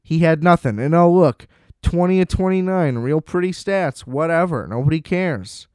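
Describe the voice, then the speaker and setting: A man's voice: fairly high pitch, moderate pace, darkish tone, clean tone, no echo, studio quality. A man giving a blunt, profane, sarcastic solo rant about football games in a casual talk. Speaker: sports commentator.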